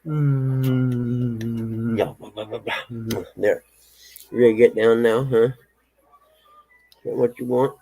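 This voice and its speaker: A man's voice: medium pitch, fairly even intonation, slow, long pauses, warm tone, poor audio. A man casually telling a story in a folksy way, chuckling often and talking fondly to his dog. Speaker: vlogger.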